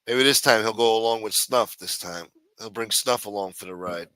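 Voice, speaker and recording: A male talk show host rambles through sardonic, foul-mouthed commentary. His voice is bright and forceful, recorded dry and close. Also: fairly low pitch, normal speed, few pauses, clear, resonant tone, no room sound. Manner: sardonic, profane, mumbling asides. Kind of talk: casual profane commentary.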